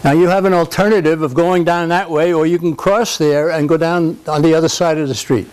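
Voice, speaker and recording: Older man, speech to a live audience, rambling and conversational, voice slightly high for a man. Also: fairly even intonation, brisk, a little mellow, smooth, poor audio. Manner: rambling, conversational, frequent restarts and fillers. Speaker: speaker at a political society event. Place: country club function room.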